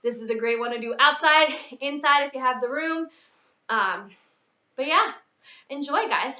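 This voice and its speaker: A young female fitness instructor leads a workout mid-exercise, a little out of breath as she counts reps and coaches in an upbeat way. Her voice is high-pitched with a sharp tone. The recording is echoey, distant, and dull lo-fi.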